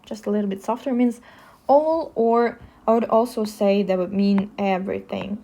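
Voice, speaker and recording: A young woman with a Russian accent teaching the alphabet, speaking slowly and spelling out each sound with care. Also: mid-range voice, fairly even intonation, dark tone. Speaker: language teacher. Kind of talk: slow alphabet lesson.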